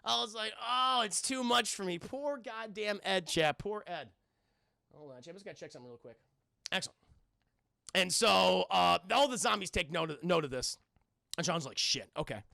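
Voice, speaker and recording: A man walks his live chat through a film scene by scene, swearing freely and jumping into the characters' lines. His voice sits high and comes across bright and pressed. It is heard close and dry, with no room around it. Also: moderate pace, gravelly, pauses often, dry recording. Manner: animated, profane, acts out character lines. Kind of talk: casual scene-by-scene film recap.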